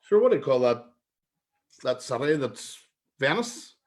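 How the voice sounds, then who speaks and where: A young man with a Northern Irish accent chatting casually on a podcast, teasing his co-host and throwing in quick questions. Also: mid-range voice, big pitch swings. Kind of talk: casual chat.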